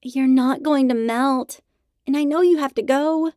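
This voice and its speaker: A woman's voice: high voice, unhurried, mellow, no echo, studio quality, voice pushed up. A woman voicing an exasperated young woman who argues with her boyfriend in a raised, indignant, pleading tone. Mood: coaxing.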